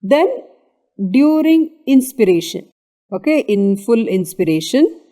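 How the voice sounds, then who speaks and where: A woman's voice: on the high side, very animated, a little slow, warm tone. A woman with an Indian English accent giving an exam revision lecture on anatomy, explaining step by step and often checking in with "okay".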